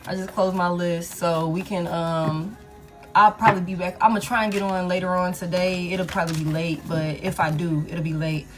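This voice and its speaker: A woman's voice: on the low side, level tone, moderate pace, faint music behind. A woman giving a live tarot reading, talking casually and profanely to her viewers. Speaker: tarot reader.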